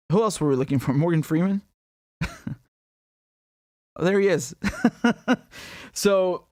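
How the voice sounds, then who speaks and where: A man's voice: on the high side, no room sound, studio quality. A man from Syria hosting a casual livestream of political commentary, chatty, with frequent laughs and lots of fillers and restarts.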